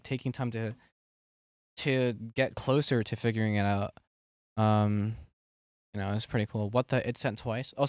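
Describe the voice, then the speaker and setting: A man's voice: mid-range voice, dry recording, studio quality. A man streaming live, chatting casually with his viewers, rambling with fillers and giggling often.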